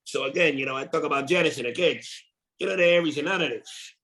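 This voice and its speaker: A comedian guest talking casually in an interview, animated and often repeating words while he thinks. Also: a little high, quick pace, rough recording.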